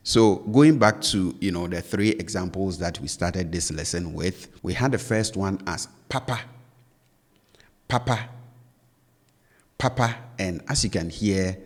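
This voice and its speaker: A deep, low-voiced man gives a patient language lesson at an unhurried pace. He repeats example words with exaggerated rises and falls in pitch, and his voice rings with a long hall reverb. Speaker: language teacher.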